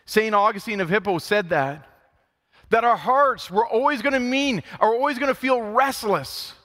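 A male pastor delivers an animated sermon in a church sanctuary, slipping into grumbling voices to act out what he describes. His voice sits high and sounds bright and forward. The sound has a long, lingering hall reverb. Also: normal speed. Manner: animated preaching, acts out grumbling quotes.

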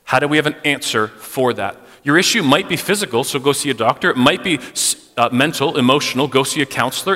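A man's voice: medium pitch, lively intonation, fast, bright, forceful tone. A man giving a sermon to a congregation, telling personal stories in a conversational, self-deprecating way. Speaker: speaker addressing a congregation. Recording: long hall reverb.

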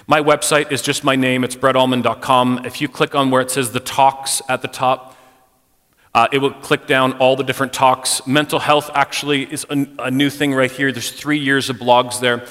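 A middle-aged man speaks to a church congregation in a frank, conversational way, leaning on casual "like"s. His voice is bright and forceful. It carries a long reverb from the hall around him. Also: mid-range voice, level tone, moderate pace. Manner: conversational, frank, personal, uses "like" often. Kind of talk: candid church talk on mental health. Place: church sanctuary.

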